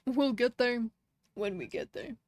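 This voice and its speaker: A woman's voice: a little high, measured pace, a little mellow, no echo. A woman live streamer chatting casually with her viewers, reading their comments and laughing often.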